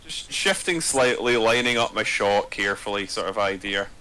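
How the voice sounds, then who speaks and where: Bright-voiced man, thinking aloud at play. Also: lowish voice, animated, clean tone, rough recording. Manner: halting, thinks aloud while deciding moves. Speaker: player. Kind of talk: casual chat, tabletop game play.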